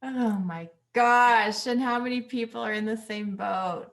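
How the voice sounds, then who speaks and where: A woman's voice: fairly high pitch, unhurried, creaky, a bit bright. A woman co-hosting a podcast, a supportive listener who answers with short replies and laughs. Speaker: podcast co-host. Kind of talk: casual chat.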